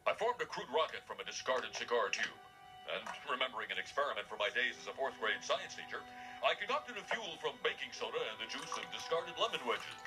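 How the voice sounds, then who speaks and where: A man's voice: medium pitch, lively intonation, fast, lightly acted, low-quality recording. An actor voicing a prim, fussy school principal in a cartoon, telling his tale stiffly. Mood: earnest. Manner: stiff, prim, self-important. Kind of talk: cartoon narration of a flashback. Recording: music underneath.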